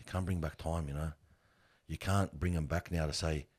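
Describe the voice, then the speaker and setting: A man's voice: extremely low pitch, steady tone, moderate pace, darkish tone, breathy edge. A middle-aged man who works in funerals, telling heartfelt stories in an earnest, emphatic and slangy way, calling his listener "bro". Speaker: funeral worker and guest. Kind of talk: heartfelt conversational storytelling.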